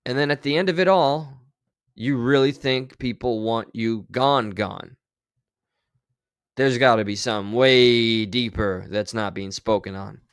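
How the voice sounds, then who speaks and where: A man talking loosely and sarcastically as he reacts to clips, full of asides and fillers. His voice sits at a middle pitch and sounds dry and close, with no room around it. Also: measured pace, clean tone, dry recording. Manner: sarcastic, rambling. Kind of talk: casual reaction commentary.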